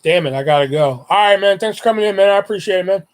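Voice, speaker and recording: A man tells a winding personal story straight to his viewers, swearing freely as he goes. He acts out his friends' lines in the middle of telling it. His voice sits a little high for a man. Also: very fast. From Houston area. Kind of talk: casual storytelling.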